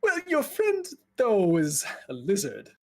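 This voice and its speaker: A man's voice: high-pitched, huge pitch swings, slow pace, a little mellow, voice pushed up, heavily acted. A man voicing a jittery, anxious male half-elf mage clerk who stammers and giggles nervously.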